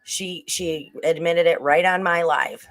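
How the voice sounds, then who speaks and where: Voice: medium pitch, steady tone, a little slow, fairly bright tone. Rambling livestream host talking to chat. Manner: rambling, with frequent restarts and asides to the chat. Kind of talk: casual true-crime commentary on a livestream.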